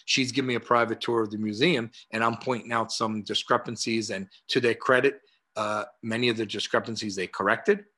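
Animated New York storyteller in his sixties. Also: lowish voice, brisk. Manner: animated, acts out dialogue, many "uh" fillers. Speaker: guest, martial arts historian. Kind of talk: conversational storytelling. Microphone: video call.

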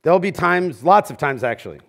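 Higher-voiced pastor preaching casually. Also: male voice, animated, brisk, vocal fry. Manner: conversational preaching, drops to a near hush on key lines. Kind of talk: sermon. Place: church sanctuary.

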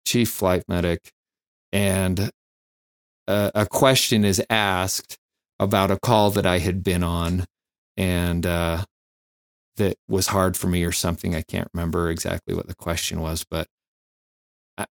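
A man, a firefighter and flight nurse, telling candid stories in an interview, reflective and halting with many fillers. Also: low-pitched, little pitch movement, creaky, dry recording, clean studio sound.

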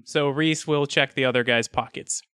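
A person playing a tabletop game, joking and animated while speaking in character. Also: medium pitch, moderate pace, clean tone, dry recording, studio quality. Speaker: player. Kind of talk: casual tabletop play.

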